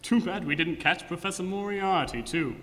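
A man's voice: high voice, moderate pace, fairly bright tone. An actor playing a dutiful, deferential male police inspector, in 1940s radio acting style, on a reverberant old broadcast. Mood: eager. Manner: eager, deferential.

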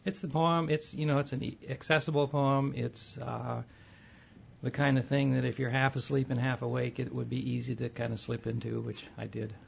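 A man with a heavily gravelly, husky voice who talks slowly and haltingly. His pitch stays very flat throughout. The recording sounds dull and lo-fi. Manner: slow, halting, soft-spoken. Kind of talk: casual conversation and poetry reading.

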